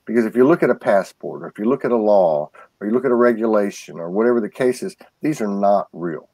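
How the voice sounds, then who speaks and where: A man with a lowish voice, recorded close and dry, talks as a guest in a casual spiritual conversation. He stumbles through restarts and repeated words while telling his stories earnestly. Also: animated, fast, warm tone, dry recording. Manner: earnest storytelling.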